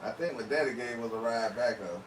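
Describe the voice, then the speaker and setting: A man's voice: medium pitch, brisk, slight background noise. A middle-aged man chatting casually with his wife on camera, teasing her in a laid-back way. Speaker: vlog co-host. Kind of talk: casual chat. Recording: echoey room, mic at a distance.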